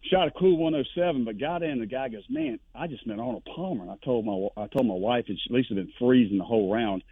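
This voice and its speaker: A man calling in to a sports radio show, telling stories in an animated way with voices for the people he quotes. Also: medium pitch, quick pace, husky, no echo. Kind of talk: casual storytelling on a phone line. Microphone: telephone. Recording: tinny dry phone line.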